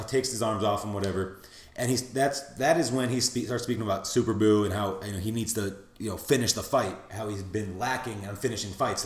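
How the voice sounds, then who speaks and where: A man's voice: medium pitch, echoey room. A man casually recapping an anime episode, rambling with many restarts and acting out character lines in funny voices. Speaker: anime reviewer.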